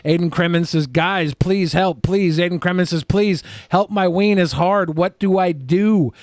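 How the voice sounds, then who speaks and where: A male podcast co-host reads out viewer donations and tosses off jokes between them. His voice sits a little high for a man and sounds dry and close to the mic. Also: a little slow, no room sound. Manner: offhand, joking. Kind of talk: reading donation messages on stream.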